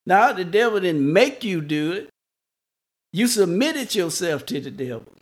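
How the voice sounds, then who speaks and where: Slow, emphatic male preacher. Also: sits high, sing-song. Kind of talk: sermon.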